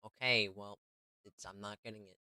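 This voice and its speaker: A man's voice: on the low side, little pitch movement, normal speed, bright, forceful tone, smooth, no room sound. A man giving casual gameplay commentary, joking and grumbling at the game. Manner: joking, repeats meme lines, grumbles at the game. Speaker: gamer.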